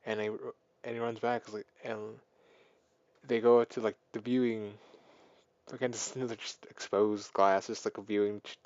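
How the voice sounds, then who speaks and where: Rambling man excitedly retelling a movie. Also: fairly low pitch, normal speed, clean tone, dry recording, highs cut off. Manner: rambling, filler-heavy, excited plot retelling. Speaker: movie reviewer. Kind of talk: casual spoken film review.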